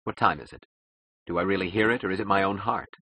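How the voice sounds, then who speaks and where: A man narrates a novel in a very deep, low voice with a husky, breathy edge. His reading is measured and dramatic, and the recording is close and dry. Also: pushed and bright, no room sound, rough recording. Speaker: audiobook narrator. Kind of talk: scripted narration.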